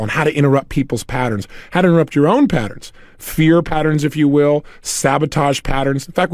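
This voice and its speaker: A man's voice: fairly high pitch, dry recording, studio quality. A man giving a motivational talk as an audio program, telling a story and acting out the people in it. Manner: animated storytelling, acts out quoted people. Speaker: motivational speaker.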